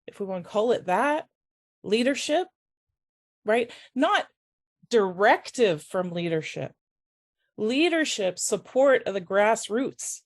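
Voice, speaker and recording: A woman on the faculty, speaking in a mid-range voice, gives a conference-room talk that is personal and emotional. Tearful and halting, she keeps restarting her sentences.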